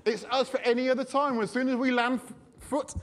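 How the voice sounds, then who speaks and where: A man preaching a sermon, telling a personal story in a chatty, animated way. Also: extremely high pitch, a little fast.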